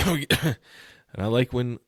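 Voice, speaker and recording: A man's voice: mid-range voice, fairly bright tone, no room sound, studio quality. A man co-hosting a podcast, ranting in a profane, sarcastic way in casual chat. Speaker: podcast co-host.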